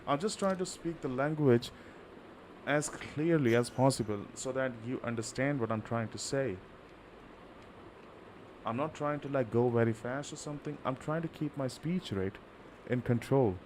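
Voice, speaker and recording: Livestreaming a game, this Indian-accented man from India rambles in casual chat full of fillers. His medium-pitched voice is a little mellow at a moderate pace, over slight background noise.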